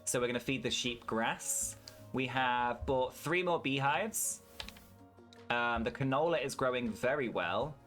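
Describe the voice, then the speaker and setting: A man's voice: mid-range voice, unhurried, a bit bright, faint music behind. Chatty British man streaming a farming game. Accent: British English. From United Kingdom. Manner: chatty, swears freely, answers chat. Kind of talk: casual gameplay stream chat.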